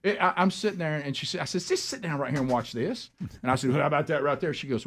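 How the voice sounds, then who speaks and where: A man hosting a talk show, telling a long animated story and acting out the voices of both people in it. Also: a little high, fast talker, husky. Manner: animated storyteller, acts out dialogue. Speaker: radio show host.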